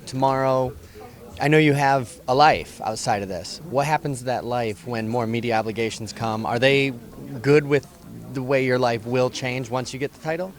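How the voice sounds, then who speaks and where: A man's voice: mid-range voice, moderate pace, hardly any pauses. Man asking long press questions. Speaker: interviewer.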